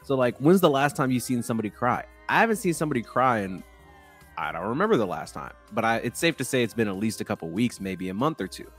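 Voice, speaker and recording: A man hosting a podcast, chatting casually in a joking, animated way. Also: mid-range voice, fast, slightly rough, faint music behind. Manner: joking, animated, often laughing. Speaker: podcast host. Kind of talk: casual chat.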